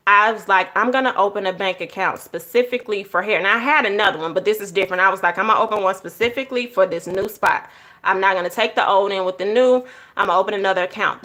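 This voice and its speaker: A young woman chats with her viewers in a casual vlog, bright and forward in tone. She tells her story with animated energy, slipping into quoted voices and calling her audience y'all. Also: mid-range voice. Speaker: journaling vlogger.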